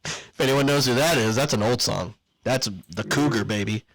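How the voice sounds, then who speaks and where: Out of breath, a podcast co-host reads an ad in a playful, jokey, rambling way stuffed with fillers, then signs off casually. His medium-pitched voice is a bit bright and runs at normal speed on a low-quality recording, in casual podcast chat.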